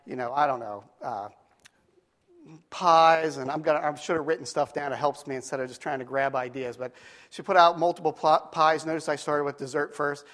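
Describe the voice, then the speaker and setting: A man's voice: fairly high pitch, steady tone, fairly quick, fairly bright tone. A man preacher telling a story in a sermon, conversational, stretching out key phrases for emphasis, in a church. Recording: long hall reverb.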